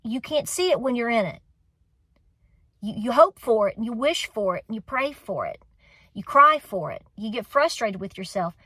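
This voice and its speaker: A woman's voice: fairly high pitch, animated, normal speed, sharp tone, breathy edge, no room sound. A woman in her forties with a Southern US accent, hosting a homestead vlog, talking to her viewers in an earnest, emotional, encouraging way, close to tears and repeating phrases for emphasis. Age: 40s. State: tearful. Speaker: homestead channel host. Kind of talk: heartfelt vlog talk to viewers.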